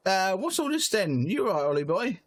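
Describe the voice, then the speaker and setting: A man's voice: high voice, sing-song, a little fast, pitched above the performer's own voice. A man voicing a cheeky little male fairy sidekick who talks in a blustering, slangy, pushy way.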